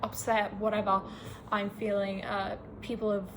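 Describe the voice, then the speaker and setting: A young woman with an Australian accent, ranting casually to camera in a rambling, animated, self-mocking way. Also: medium pitch, moderate pace, background noise. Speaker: vlogger.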